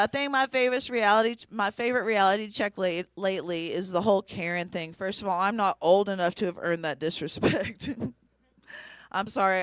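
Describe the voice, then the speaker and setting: Smooth-voiced woman telling stand-up stories. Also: medium pitch, no echo. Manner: conversational storytelling with dry punchlines. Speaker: stand-up comedian. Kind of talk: stand-up set. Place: small comedy venue.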